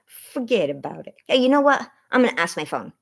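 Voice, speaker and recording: A woman's voice: medium pitch, sing-song, fairly quick, gravelly, breathy edge. Rambling self-conscious woman vlogger. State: close to tears. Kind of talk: casual chat to viewers.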